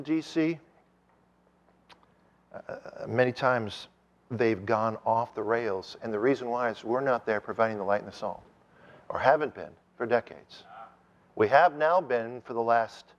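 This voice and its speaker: A man preaching a sermon and telling stories with animated emphasis. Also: medium pitch, lo-fi sound. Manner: animated storytelling, with rising emphasis.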